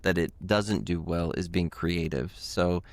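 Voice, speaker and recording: A man with a very low voice and a rough, gravelly edge co-hosts a casual podcast. He talks in an easygoing, rambling way, full of fillers. The sound is dry and close. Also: a little slow, dry recording. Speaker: podcast co-host.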